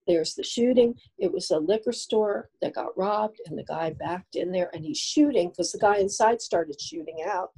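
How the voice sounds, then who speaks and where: Older woman from New Jersey, outgoing storyteller, husky dark voice. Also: mid-range voice, moderate pace, hardly any pauses, poor audio. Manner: chatty, animated storyteller. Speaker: psychic guest. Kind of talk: casual interview storytelling.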